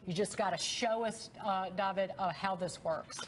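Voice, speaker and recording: A woman hosting a morning business news show, reading intros and questions in a brisk, upbeat way. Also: mid-range voice. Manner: brisk, upbeat anchor reads. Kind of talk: live TV news anchoring.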